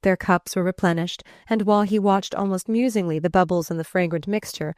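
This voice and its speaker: A woman narrating a classic novel as an audiobook, reading in a measured, expressive way. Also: fairly low pitch, dry recording, studio quality.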